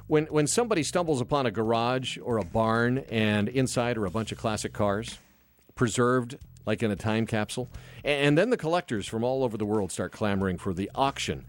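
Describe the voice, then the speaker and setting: A man hosting a casual radio talk show, bantering with co-hosts in a lively, playful way from a studio microphone. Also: mid-range voice, a little fast, soft background music. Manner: lively, animated delivery with playful asides. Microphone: close studio microphone.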